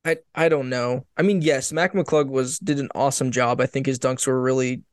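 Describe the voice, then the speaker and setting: A man's voice: medium pitch, steady tone, moderate pace, no echo, clean studio sound. A man chatting casually about sports, rambling and restarting his sentences with emphatic bursts.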